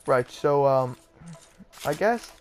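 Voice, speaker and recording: A man's voice: mid-range voice, animated, slow pace. Rambling young man playing a game. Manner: rambling, self-deprecating, many fillers. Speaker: gaming channel host. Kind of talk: casual let's-play commentary.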